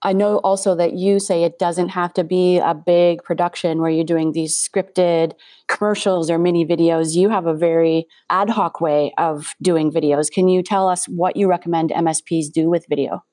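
A woman's voice: on the low side, fairly even intonation, normal speed, warm tone, no room sound, clean studio sound. A woman with a Canadian accent hosting a podcast interview, talking in an upbeat, conversational way. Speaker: podcast host.

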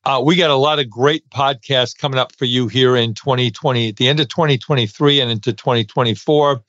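A man's voice: mid-range voice, steady tone, a little fast, dry recording, highs cut off. A middle-aged man with a New York accent hosting a podcast, chatting casually with many fillers. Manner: chatty, many uh fillers, warm thank-yous. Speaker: podcast host, dental CPA.

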